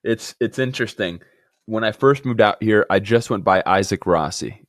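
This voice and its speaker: A man's voice: lowish voice, normal speed, dry recording, studio quality. A man from Miami, an actor guest, telling anecdotes in a casual interview and acting out the dialogue. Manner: animated anecdotes, acts out dialogue.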